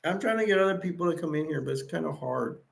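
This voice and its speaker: A man's voice: fairly high pitch, fast, gravelly. Tired, rambling man hosting a livestream. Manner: meandering, reads chat and wiki text aloud. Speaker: livestream host. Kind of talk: rambling late-night livestream chat.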